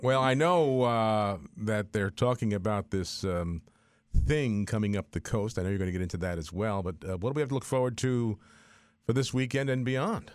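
A man's voice: fairly low pitch, normal speed, no echo. A man hosting a radio show, trading jokes and banter with the weather forecaster. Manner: lively, joking banter. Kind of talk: casual radio chat.

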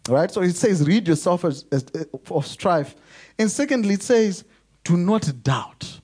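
A man preaching in an emphatic sermon voice, pitched a touch high with a husky edge. He leans hard into key words and draws them out. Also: expressive. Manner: emphatic preaching, rising to loud stresses and slowing on key words. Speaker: pastor.

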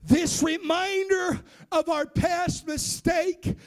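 A man preaching a sermon, shouting in a sing-song preaching cadence and calling out to the congregation between phrases. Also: extremely high pitch, steady tone, slow.

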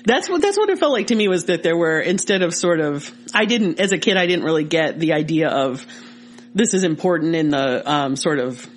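A woman in her forties from Michigan, co-hosting a podcast and telling a childhood story in a lively, casual way. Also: brisk, a little hiss or hum. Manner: animated, rises in pitch when excited. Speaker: podcast co-host.

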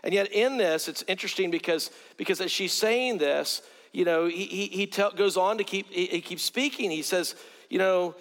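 A man's voice: high voice, moderate pace, fairly bright tone. A middle-aged male evangelist from South Carolina, preaching a sermon with stories and repeating words earnestly as he builds a point. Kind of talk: sermon with storytelling. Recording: long hall reverb.

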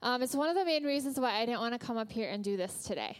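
A woman's voice: a little high, lively intonation, fast, clear, resonant tone. A woman giving a personal sermon to a church congregation, candid and a little self-conscious, with light laughs and fillers. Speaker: guest speaker at church. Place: church hall before a congregation.

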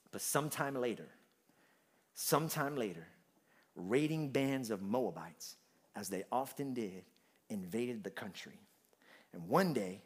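A man preaching a sermon, moving from quiet, humorous storytelling to loud, rising preaching. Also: fairly low pitch. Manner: humorous, conversational asides. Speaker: pastor.

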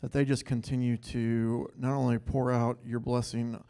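A man's voice: medium pitch, level tone, moderate pace, dark tone. A man leading an earnest spontaneous prayer in church, saying God between phrases, with hesitant ums. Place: church sanctuary.

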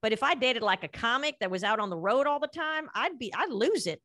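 A woman's voice: a little high, lively intonation, fairly quick, fairly bright tone, no echo, studio quality. Crude, playful woman comic in banter. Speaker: comedian and guest. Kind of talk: casual chat.

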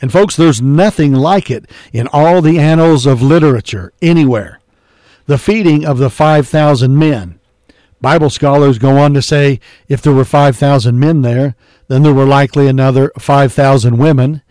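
A man's voice: medium pitch, normal speed, mellow, no echo. A man preaching a sermon, reading scripture aloud and calling his listeners folks. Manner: earnest preaching, reads scripture in King James wording; addresses listeners as folks and believer.

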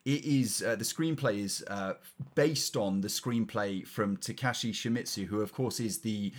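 A man's voice: on the low side, normal speed. A man co-hosting a film review podcast, wry and articulate, moving between read synopses and loose chat. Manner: wry, articulate, with fillers and restarts.

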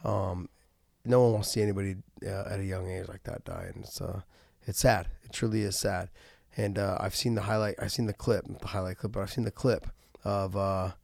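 A man's voice: sits low, fairly even intonation, brisk, vocal fry, a little mellow, dry recording, studio quality. A middle-aged man hosting a casual podcast, talking earnestly with many restarts and fillers. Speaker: podcast host and former fighter.

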